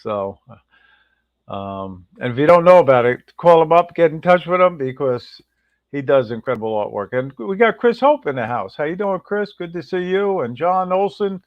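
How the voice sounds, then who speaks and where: A man's voice: fairly high pitch, sing-song, normal speed, no echo, lo-fi sound. New man hosting a livestream chat. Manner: reads out viewer names and greets them one by one. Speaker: livestream host.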